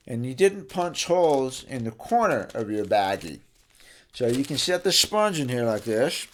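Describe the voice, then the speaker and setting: A man demonstrating guitar care in his workshop, in a casual how-to style. His voice sits at an ordinary middle pitch, and he talks in a folksy, chatty way, often stopping to rephrase. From New Mexico, US. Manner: folksy, chatty, self-correcting. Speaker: guitar repair teacher.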